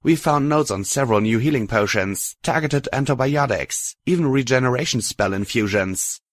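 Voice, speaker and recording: A man's voice: medium pitch, dry recording, voice pushed up, lightly acted. A man voicing a nervous, twitchy stallion scientist in an audiobook of a pony story. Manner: nervous, hurried, defensive.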